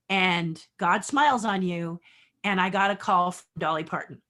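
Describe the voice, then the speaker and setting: A middle-aged woman guest on a podcast, telling stories from her career and acting out the dialogue in lively voices. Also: mid-range voice, normal speed. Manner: animated storyteller acting out dialogue. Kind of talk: storytelling interview.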